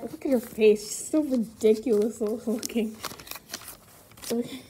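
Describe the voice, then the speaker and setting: A woman's voice: on the high side, fairly even intonation, takes it slowly, warm tone, slight background noise. A woman casually reading aloud her own childhood book and adding amused, mocking, incredulous comments on it.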